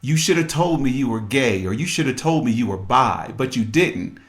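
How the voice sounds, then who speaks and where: A man's voice: mid-range voice, lively intonation, normal speed, close to an everyday voice. A man voicing an angry woman who scolds and dismisses her partner as she throws him out. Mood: furious.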